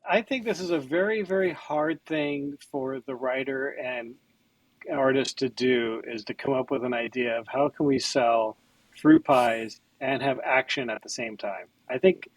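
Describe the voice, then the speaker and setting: Slightly husky, thoughtful man. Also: mid-range voice, dry recording, rough recording. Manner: thoughtful, hesitant, measured. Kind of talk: casual comic-book podcast chat.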